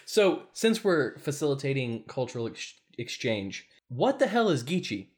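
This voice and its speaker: A man telling stories animatedly in a casual podcast chat, his voice jumping up when excited. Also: mid-range voice, normal speed. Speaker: podcast guest.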